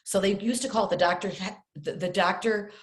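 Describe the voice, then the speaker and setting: A middle-aged woman telling animated stories as a podcast guest, acting out the voices of her family. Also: medium pitch, fairly quick, echoey room. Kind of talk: casual storytelling interview.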